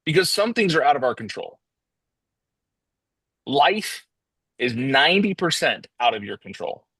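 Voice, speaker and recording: Man, motivational storytelling, casual rambling delivery, mid pitch, dry close recording. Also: big pitch swings, measured pace, a bit bright, breathy edge, no echo. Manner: casual and rambling, restarts often, addresses listeners as guys.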